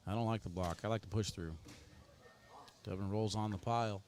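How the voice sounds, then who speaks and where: A man's voice: fairly low pitch, steady tone, fairly quick, a little mellow, slight background noise. A man giving casual, chatty play-by-play commentary on a cornhole match, joking with his co-host.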